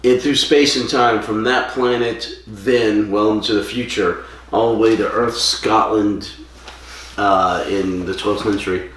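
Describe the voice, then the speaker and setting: A man's voice: fairly low pitch, fairly even intonation, measured pace, a bit bright. A man co-hosting a casual podcast, rambling through a plot recap and stopping to search for names. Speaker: podcast co-host. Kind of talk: casual chat. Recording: echoey room, distant mic.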